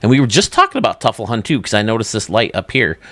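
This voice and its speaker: A man's voice: fairly low pitch, big pitch swings, fast, a bit bright, no echo. A man hosting his own channel, chatting casually and enthusiastically while touring video game stadiums, often laughing at himself. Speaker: YouTube host.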